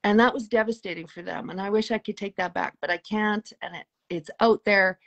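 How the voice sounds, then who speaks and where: Earnest middle-aged woman with a gravelly edge. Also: mid-range voice, a little fast. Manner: earnest, emotional, often drops to a soft hushed tone. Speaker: interview guest. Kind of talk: personal spiritual story in conversation.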